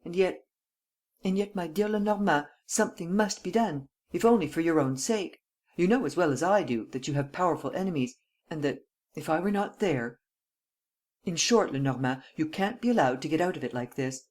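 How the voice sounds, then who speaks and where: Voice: medium pitch, lively intonation, brisk, natural voice. A reader voicing an impatient, brusque older male head of government in an audiobook. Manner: brusque, demanding. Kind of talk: audiobook reading.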